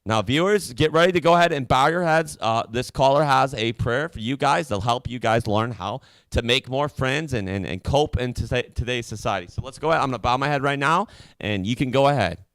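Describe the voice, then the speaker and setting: A man's voice: mid-range voice, fairly quick, a bit bright, clean tone, no echo. A man hosting a mock call-in show, ranting in an indignant, preachy way and stammering often. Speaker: comedy call-in show host.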